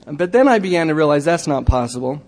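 Halting middle-aged man in echoing chapel. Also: fairly high pitch, a little mellow. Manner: halting, many fillers, turning earnest. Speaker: lay church speaker. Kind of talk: church talk. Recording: long hall reverb.

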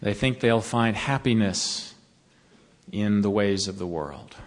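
A man giving a sermon to college students, telling a folksy story and then slowing to earnest counsel. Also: fairly low pitch. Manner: storytelling, turning slow and earnest. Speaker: devotional speaker to college students. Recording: long reverb of a large hall.

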